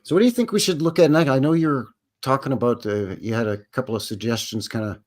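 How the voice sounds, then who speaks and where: A Canadian man in easygoing live-stream chat, joking with his co-host and dropping "eh" at the end of lines. His voice sits at a middle pitch, loose and talkative. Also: fast talker, a little mellow. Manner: joking, chatty, drops in "eh" often.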